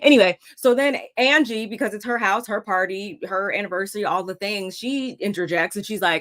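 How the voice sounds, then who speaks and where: Bright-voiced woman recapping reality TV. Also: mid-range voice, a little fast, few pauses. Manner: animated, acts out quotes. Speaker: recap show co-host.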